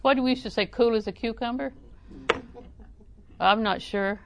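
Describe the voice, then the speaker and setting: A woman's voice: fairly high pitch, moderate pace, gravelly, noisy background. Folksy woman preacher. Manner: folksy, humorous, chuckles often, bursts into loud acted exclamations. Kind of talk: sermon.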